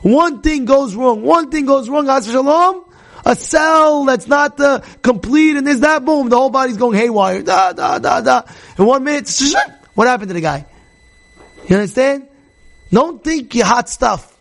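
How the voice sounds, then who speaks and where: Rabbi guy giving a class, high voice kinda gravelly, acts stuff out, keeps asking u understand. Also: normal speed. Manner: animated, acts out characters, asks the audience questions. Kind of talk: Torah class lecture.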